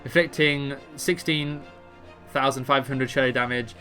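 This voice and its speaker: A man's voice: medium pitch, fairly even intonation, measured pace, bright, forceful tone, soft background music. A man casually reading out game ability text and commenting offhand, stumbling over words. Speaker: gamer explaining a raid boss.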